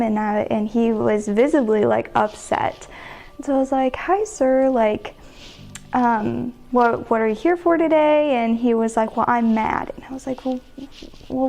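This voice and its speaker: Young female guest, slightly high voice, casual rambling storyteller. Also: gravelly, a little mellow. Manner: chatty, heavy use of "like" fillers. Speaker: sidewalk counselor guest.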